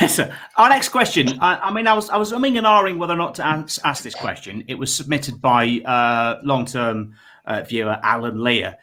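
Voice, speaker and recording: A man hosting a comedy panel show, chatting casually and reading out questions in a wry, measured way. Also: medium pitch, bright, forceful tone.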